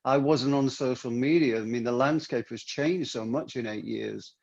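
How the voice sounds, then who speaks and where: A man with an English accent, a singer who is a guest on a video call, friendly and relaxed in casual chat. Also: medium pitch, moderate pace, gravelly. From London, England. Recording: dull, muffled video-call audio.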